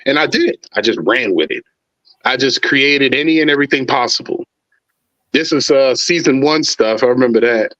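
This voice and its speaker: A man chatting casually as a podcast guest, relaxed and slangy, talking up his show with enthusiasm. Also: medium pitch, normal speed, dull audio. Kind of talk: casual chat.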